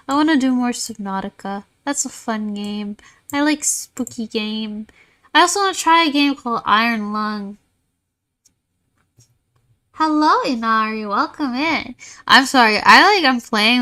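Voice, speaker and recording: A tired, yawning woman streams a game and rambles loosely to her viewers, joking in a dry, sarcastic, self-mocking way with playful mock insults. Her voice is somewhat high for a woman, pushed and bright.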